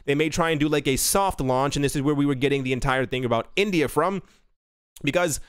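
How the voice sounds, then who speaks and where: A man's voice: on the high side, a little fast, smooth, dry recording, clean studio sound. A man hosting a crypto news show, reading out articles and adding rambling, self-correcting asides.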